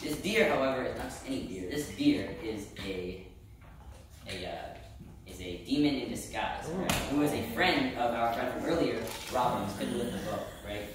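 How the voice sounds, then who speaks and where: A man's voice: mid-range voice, animated, moderate pace. A young man casually retelling a story live to a student audience, chatty and loose, often tagging his lines with "right?" and restarting his sentences. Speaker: storyteller at a student festival event. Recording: echoey room, distant mic, background noise.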